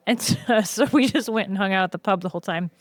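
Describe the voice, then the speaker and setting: A woman guest in casual podcast chat, telling lively stories with frequent "um"s. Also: mid-range voice, quick pace, no echo. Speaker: podcast guest, brewery co-owner.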